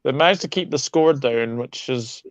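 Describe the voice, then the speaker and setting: A man's voice: medium pitch, moderate pace, dry recording, muffled recording. A man co-hosting a football watchalong, chatting casually about the match with jokey asides. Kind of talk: casual live match commentary.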